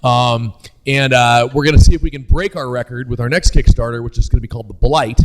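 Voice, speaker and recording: A man's voice: mid-range voice, steady tone, fairly quick, poor audio. A middle-aged man, a game publisher, introducing his crew at a convention in a loose, jokey way. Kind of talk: casual convention interview. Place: busy convention floor.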